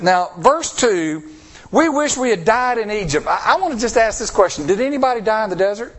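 Delivering a lively sermon, this male pastor poses rhetorical questions to the congregation and performs the voices of those he quotes. He sits high in pitch and talks a little fast.

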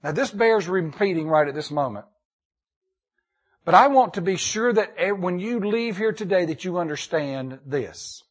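High-voiced emphatic preacher, a man. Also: lively intonation, slightly rough. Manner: emphatic preaching with dramatic pauses and repetition. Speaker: pastor. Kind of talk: sermon.

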